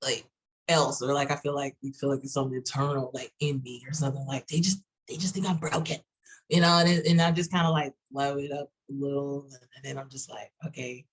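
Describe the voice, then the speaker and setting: Texas-accented woman, husky and halting. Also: very deep voice, fairly even intonation, rough recording. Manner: halting, many restarts and fillers, warm drawl. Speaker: panelist. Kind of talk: casual panel chat.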